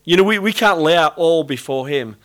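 Earnest British man preaching, slightly high voice. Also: expressive, fairly quick, fairly bright tone. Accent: British English. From Britain. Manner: earnest, conversational, repeats key phrases. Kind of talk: sermon.

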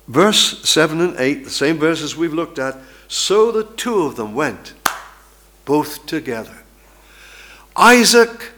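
A man's voice: mid-range voice, fairly bright tone. A male preacher giving an emphatic sermon with dramatic storytelling.

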